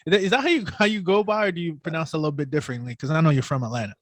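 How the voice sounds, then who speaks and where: A man's voice: high voice, lively intonation, rapid-fire, few pauses, fairly bright tone, faint music behind. A man hosting a podcast interview, talking with energy and slang and often restarting his sentences. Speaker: podcast host.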